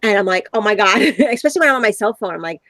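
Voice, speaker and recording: A woman's voice: medium pitch, lively intonation, very fast, a bit bright. A woman chatting as a guest on a casual live stream, giggly and bubbly.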